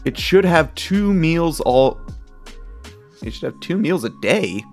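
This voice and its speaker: A young man giving casual, chatty commentary as he reacts to memes, with frequent laughs and animated asides. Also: a little high, slow, soft background music.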